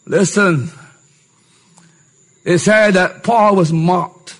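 A man's voice: sits high, unhurried, pauses often, a bit bright, husky. A male pastor preaching a sermon with emphatic rhetorical questions and repeated refrains.

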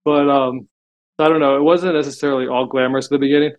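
Rapid-fire and steady in tone, his mid-range voice carries chatty stories as a podcast guest. The interview is casual, and he keeps dropping "like" into the gaps.

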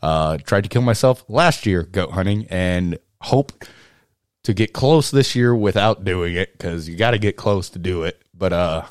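A man's voice: sits low, lively intonation, measured pace, dry recording, clean studio sound. A man co-hosting a podcast in casual chat, blunt and joking, laughing often and trailing off with fillers. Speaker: podcast co-host.

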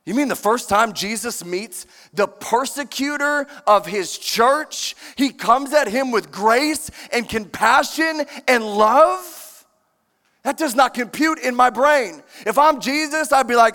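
A man preaching a sermon in a large church, emphatic and animated, questioning the congregation. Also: extremely high pitch, a little slow. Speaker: pastor. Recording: long church-hall reverb.

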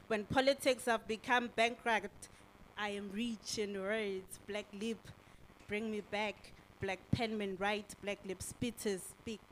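A woman's voice: mid-range voice, slight background noise, poor audio. A woman performing spoken-word poetry at a live event, delivering her lines in a rhythmic, declamatory way. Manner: rhythmic, declamatory, building emphasis. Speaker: performance poet. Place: live venue with audience.

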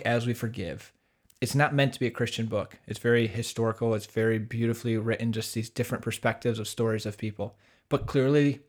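A man's voice: medium pitch, darkish tone. A man hosting a podcast, talking about faith in a friendly, enthusiastic way and sometimes stumbling over his words as he restarts. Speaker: podcast host. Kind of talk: conversational discussion of faith.

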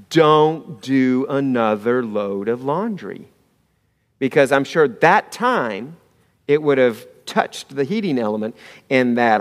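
A man preaching a sermon as pastor, telling a homely story, swinging between loud emphasis and hushed asides. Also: mid-range voice. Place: church sanctuary. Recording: long hall reverb.

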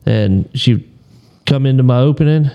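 A man on a podcast telling a hunting story in a relaxed, rambling way, often clearing his throat. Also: medium pitch, normal speed, highs cut off. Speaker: podcast co-host.

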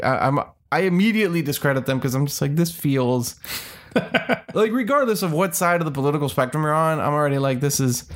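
Gravelly man in wry casual chat. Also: a little high. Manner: laid-back, wry, with hesitant restarts.

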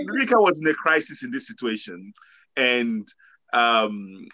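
A middle-aged man speaks as a father, with a bright, sharp tone. His pitch swings widely as he draws a lesson from the story. The sound is a little dull and lo-fi. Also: measured pace. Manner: lively and instructive. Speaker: father sharing advice. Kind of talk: casual talk.

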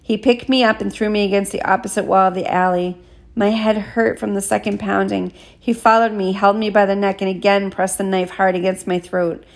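Creaky-voiced woman reading an audiobook. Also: medium pitch, flat delivery, brisk. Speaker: audiobook reader. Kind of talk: audiobook narration.

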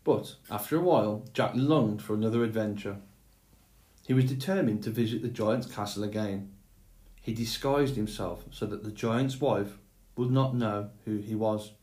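A man reading a fairy tale aloud in a measured, unhurried way. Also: on the low side, mellow, echoey room. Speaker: storyteller. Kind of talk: storybook read-aloud.

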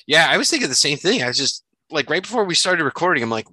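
A man's voice: a little high, big pitch swings, fast talker, pushed and bright, dry recording. A man hosting a casual podcast chat with friends, joking and laughing often. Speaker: podcast host.

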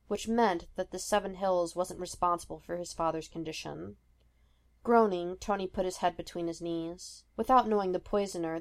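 Lady reading a fanfic podcast, steady and measured, voice on the low side. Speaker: podfic reader. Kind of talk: reading fiction aloud.

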